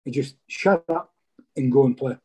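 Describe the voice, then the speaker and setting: A man quoting a blunt gruff football coach. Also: medium pitch, normal speed, warm tone, lightly acted. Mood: scolding. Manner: gruff, scolding.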